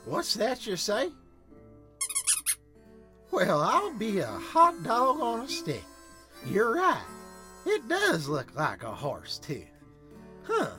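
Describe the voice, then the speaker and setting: A man's voice: sits high, huge pitch swings, slow pace, pauses often, sharp tone, faint music behind, pitched above the performer's own voice, exaggerated voice. A man putting on a twangy old frontier fur trapper. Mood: folksy. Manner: drawling, chatty, easily amazed. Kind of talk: puppet theater acting.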